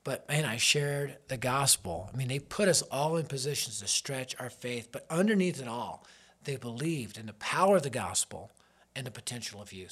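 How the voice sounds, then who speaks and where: A man's voice: mid-range voice, slightly rough. Earnest man in his fifties. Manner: earnest, emphatic storyteller. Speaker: youth ministry leader. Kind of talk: devotional teaching with personal stories.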